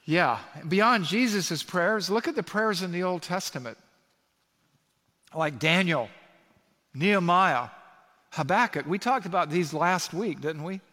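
A pastor preaching an animated sermon, reading scripture aloud and building to emphatic peaks. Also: male voice, sits high, measured pace, long pauses. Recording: long reverb of a large hall.

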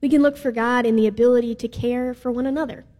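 A woman's voice: a little high, steady tone, fast, dark tone. A woman preaching a sermon in a casual, playful way with some filler words. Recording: reverberant hall.

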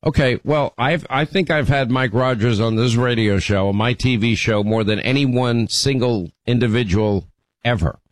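On this poor, dry recording, a man hosting a call-in radio program speaks to callers in a mid-range voice at a moderate pace. He's conversational, frequently restarting sentences and repeating words. He uses a studio microphone.

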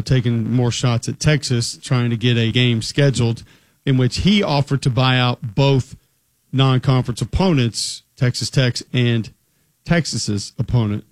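Male sports host, brisk segment lead-in, dry booth sound. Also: medium pitch, no room sound. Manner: leads segments, asks prompting questions. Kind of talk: casual sports talk.

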